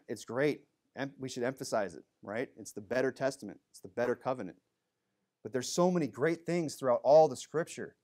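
Earnest man preaching a sermon. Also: on the high side. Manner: earnest preaching, swings from quiet to emphatic. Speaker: pastor.

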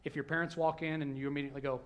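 A male pastor, preaching a sermon in a church with a conversational manner that swings between hushed and loud. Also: fairly high pitch, little pitch movement, rapid-fire. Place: church sanctuary.

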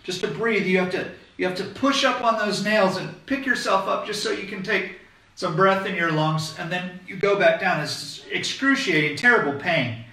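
Bright-voiced man preaching in an echoey hall. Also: high-pitched, expressive, normal speed. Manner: conversational, emphatic preaching with frequent "okay?" check-ins. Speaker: pastor. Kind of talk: sermon. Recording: echoey room, voice from a distance.

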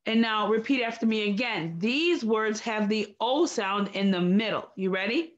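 A woman teaching a recorded phonics lesson to young children, slow, clear and encouraging. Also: mid-range voice, muffled recording.

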